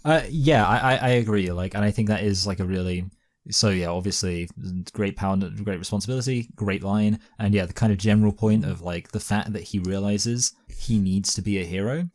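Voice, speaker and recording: A man co-hosting a casual movie review chat, talking in quick, halting bursts and repeating words. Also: on the low side, a little mellow. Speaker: podcast co-host, movie reviewer.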